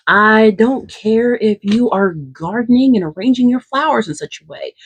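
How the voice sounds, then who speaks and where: A woman hosting her channel, retelling fantasy lore in a casual, animated and emphatic way, sometimes dropping into whispers. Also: fairly low pitch, breathy edge, poor audio. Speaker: channel host.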